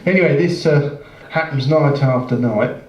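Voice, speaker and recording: A man tells a long shaggy-dog joke on a club stage, with plenty of halting restarts and self-mocking asides. He is picked up from far off, in a roomy space with a slightly muffled sound. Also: medium pitch. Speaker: musician telling a joke between sets. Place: jazz club stage, indoors. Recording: distant, roomy, dull live club recording.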